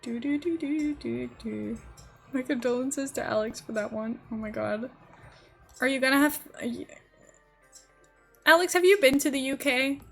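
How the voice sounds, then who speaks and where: Brief: young woman streamer, slightly high voice, chatty and giggly, faint music under her. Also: moderate pace, gravelly, pauses often. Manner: chatty and giggly, rambling to chat while building. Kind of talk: casual live-stream chat.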